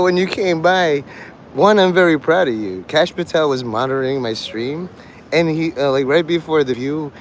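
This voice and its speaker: A man's voice: a little high, slight background noise. Profane, joking man livestreaming. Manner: profane, joking, laughs often. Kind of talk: rambling livestream chat.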